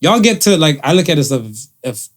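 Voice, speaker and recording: Brief: male podcast co-host, a bit high-pitched, loose and profane storyteller. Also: a little fast. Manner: animated storyteller, profane, acts out quotes. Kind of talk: casual chat.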